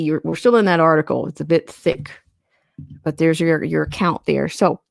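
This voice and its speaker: A woman's voice: low voice, vocal fry, dry recording, clean studio sound. A woman hosting a podcast, reading a news article aloud and breaking in with sarcastic asides. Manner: sarcastic asides between read quotes. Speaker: podcast host.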